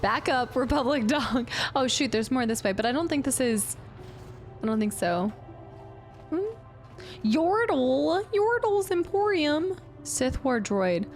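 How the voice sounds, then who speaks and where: A woman's voice: high-pitched, very animated, slow pace, long pauses, darkish tone, faint music behind. A young woman streaming a game, chatting, giggling and reading out chat as she plays. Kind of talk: live gameplay commentary.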